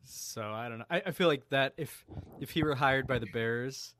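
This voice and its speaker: A man's voice: medium pitch, normal speed, a bit bright, a little hiss or hum. Easygoing man with wry remarks. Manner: wry, easygoing, apologetic asides. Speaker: podcast co-host. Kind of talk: casual sports chat.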